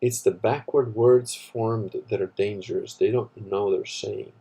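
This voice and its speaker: Husky man rambling. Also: fairly low pitch, steady tone, a little slow, dark tone. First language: Italian. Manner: rambling, profane, wry. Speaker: livestream host. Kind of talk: casual livestream chat reading comments.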